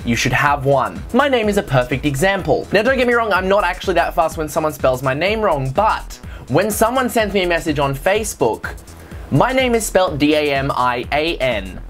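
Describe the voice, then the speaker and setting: A man's voice: a little high, big pitch swings, moderate pace, a bit bright, faint music behind. A young man, ranting sarcastically to camera and swearing freely. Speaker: vlogger. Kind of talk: comedic rant to camera.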